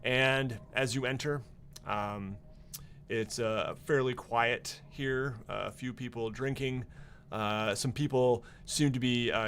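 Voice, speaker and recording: A man narrating as game master in an easygoing, rambling way, pausing often on fillers. His voice has a mid pitch, with faint noise behind it. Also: fairly even intonation, a bit bright.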